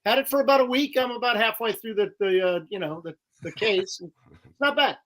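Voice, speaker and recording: A man's voice: sits high, brisk, low-quality recording. A Midwestern man, a guest sports reporter, joking wryly in a casual chat from his basement. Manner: jokey, wry, animated. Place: home basement.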